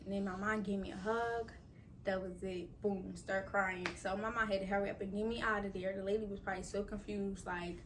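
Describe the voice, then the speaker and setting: Far from the mic, amid a faint hiss or hum and poor audio, a mid-range woman's voice speaks. The vlogger, in her twenties and healing from surgery so she can't bend down, tells her viewers a story in a relaxed chat, acting out what went through her head.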